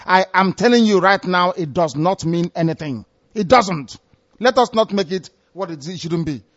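A man hosts a call-in radio show, speaking in a high voice. He drives his points home by repeating the same phrases. The sound is dull and lo-fi. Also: moderate pace, fairly bright tone. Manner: interrupts with repeated hold on, emphatic and repetitive. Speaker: radio host taking calls.

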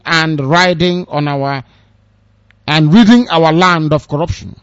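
Nigerian-accented male commentator, fairly high voice, scornful and fiery, dull lo-fi recording. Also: brisk, no echo. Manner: impassioned, scornful, sarcastic asides. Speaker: political commentator. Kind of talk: ranting news commentary.

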